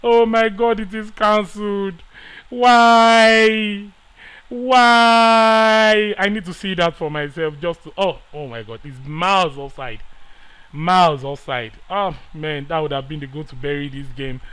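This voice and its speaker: A man giving excitable live commentary over a football management game, swinging between quiet muttering and loud pleading outbursts. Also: a little high, moderate pace, rough recording. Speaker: gaming YouTuber.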